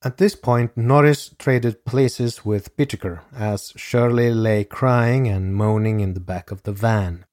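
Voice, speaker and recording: Slow, grave low-voiced male narrator. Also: darkish tone, dry recording, studio quality. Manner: measured, grave reading. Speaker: podcast host. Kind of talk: scripted true crime narration.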